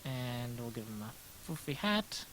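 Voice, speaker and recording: An American man with a gentle, smooth voice, rambling casually to his livestream chat while he draws, self-deprecating and answering questions as they come. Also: medium pitch, sing-song, unhurried, a little hiss or hum, rough recording. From United States. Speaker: livestreaming artist.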